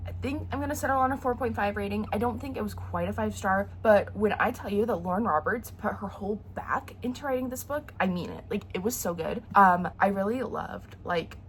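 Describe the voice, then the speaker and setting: A young woman talks in a loose, chatty way, her voice congested and nasal from a sore throat. She rambles with fillers and restarts, swinging between quiet asides and excited bursts. A faint hiss of noise sits under her voice. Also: mid-range voice. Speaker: book vlogger. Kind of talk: casual chat.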